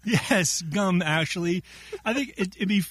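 A man's voice: high-pitched, measured pace, husky, dry recording. A man running a playful word quiz, joking and laughing often as he reads the questions. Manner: jokey, laughs often, animated delivery. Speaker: quiz segment contributor.

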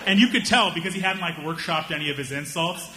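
A young man doing stand-up, telling a story in an animated way and slipping into the voices of the people in it. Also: fairly high pitch, fast talker, a crowd in the background. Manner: animated, acts out voices of friends and strangers. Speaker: stand-up comedian.

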